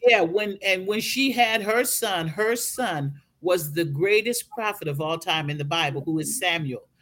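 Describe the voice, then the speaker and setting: Helle, lebhafte Frau, predigt erzählend. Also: female voice, fairly low pitch, unhurried. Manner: animated storytelling, acts out voices. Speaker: guest speaker. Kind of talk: preaching-style podcast talk.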